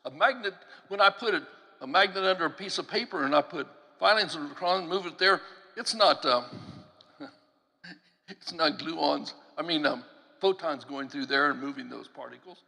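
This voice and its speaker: A man preaching a teaching-style sermon in a church, telling stories with an animated delivery, laughing between phrases and acting out the voices he quotes. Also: a little high, moderate pace, creaky. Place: church sanctuary. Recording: long church hall reverb.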